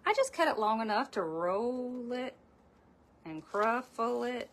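A talkative woman leads a live wreath-making tutorial from her craft room at home. Her voice sits a little high, and she keeps up a running chat with viewers, greeting them by name while she works. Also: animated, measured pace, slight background noise. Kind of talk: chatty livestream craft tutorial.

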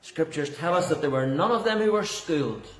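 A man's voice: a little high, expressive, fairly quick. A man preaching a sermon as pastor, earnest and emphatic, often repeating words for stress. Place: church. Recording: echoey church hall.

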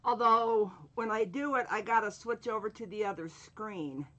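A woman who hosts a craft channel leads a live painting tutorial, chatting casually, greeting viewers by name and thinking aloud as she works. She speaks slowly and drawn-out, with frequent fillers, in a mid-range, slightly bright voice with a lo-fi sound.

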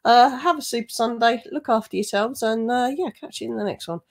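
A woman's voice: fairly high pitch, brisk. A woman hosting a reaction commentary channel, talking in a blunt, scornful, chatty way with frequent laughs.

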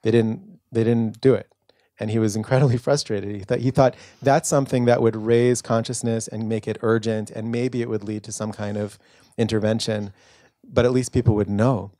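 Low-voiced man answering at a book talk. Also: fairly even intonation, moderate pace, warm tone, no echo, clean studio sound. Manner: earnest, storytelling, frequent fillers and restarts. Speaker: author and lecturer at a book talk. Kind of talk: answering audience question. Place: bookstore event room.

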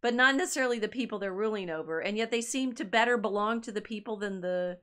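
A woman's voice: mid-range voice, fast talker, fairly bright tone. An American woman co-hosting a casual livestream chat, playful and teasing, laughing often. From United States. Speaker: co-host.

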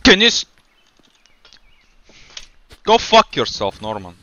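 A man's voice: sits high, wildly swooping pitch, slow pace, sharp tone, muffled recording, a little hiss or hum. A young man in casual gaming voice chat, ranting angrily and swearing at a teammate. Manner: angry profane ranting at a teammate. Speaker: gamer.

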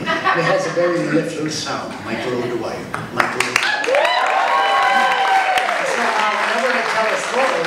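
Older male storyteller, rambling, chuckles at his own punchlines; recorded distantly in a loud, echoey theater. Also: mid-range voice, heavy background noise. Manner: rambling, self-interrupting, laughing at own jokes. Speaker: benefit honoree telling jokes. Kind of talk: stand-up storytelling. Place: small theater stage.

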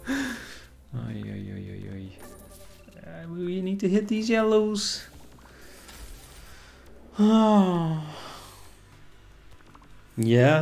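A man's voice: on the high side, vocal fry, a little mellow. A man streaming casually, chatting with viewers and reacting to the game as it plays. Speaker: casino streamer. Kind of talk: casual live-stream commentary.

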